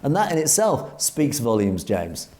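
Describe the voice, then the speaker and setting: This European man with an English accent co-hosts an opinionated commentary talk show, speaking emphatically, reading viewer comments, and often restarting his phrases. His mid-range voice swoops wildly in pitch, with an unhurried pace and a darkish tone.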